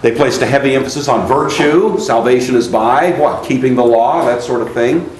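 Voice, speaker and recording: A male teacher lectures a class at a steady middle pitch, stopping to quiz students and then explaining in long stretches. The room is echoey and a faint hiss runs underneath. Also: normal speed.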